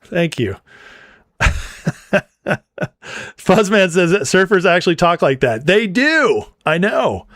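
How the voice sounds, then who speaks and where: A mock-indignant livestream host from Northern California who answers viewer comments in a playful, teasing back-and-forth. His voice sits a little high for a man, and it is recorded close and dry. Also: very animated, takes it slowly, long pauses, a bit bright, no echo. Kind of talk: casual livestream chat reading viewer comments.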